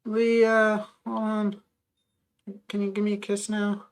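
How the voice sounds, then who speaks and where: Woman streaming a game, wry little mutters, mid pitch, just chatting. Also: level tone, takes it slowly, clean tone. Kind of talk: casual gameplay chat.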